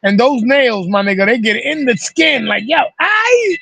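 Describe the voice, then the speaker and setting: A man with a very high voice tells a rowdy, profane story over a video call. His voice is bone-dry and close, and he delivers it with animated, hands-on energy. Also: normal speed, husky, no echo. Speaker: host. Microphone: video call mic.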